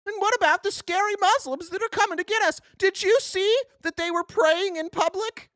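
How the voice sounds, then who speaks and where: Woman doing a shrill scared maga voice, yelling way up high. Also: moderate pace, no room sound, clean studio sound. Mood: panicked mockery. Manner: high, yelling, mock terror. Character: shrill panicked right-wing supporter, easily frightened.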